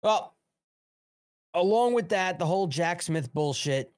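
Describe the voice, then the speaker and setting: A man's voice: high-pitched, lively intonation, a little slow, a little mellow, no room sound, studio quality. Sarcastic man ranting on a live show. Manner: heated, sarcastic, profane ranting. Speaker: host of a political live show. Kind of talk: political commentary livestream.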